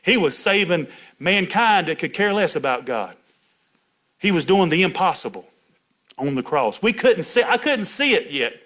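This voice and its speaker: A man's voice: high voice, big pitch swings, normal speed, fairly bright tone. A middle-aged man preaching a folksy sermon, chatty and laughing, calling out to people in the pews by name.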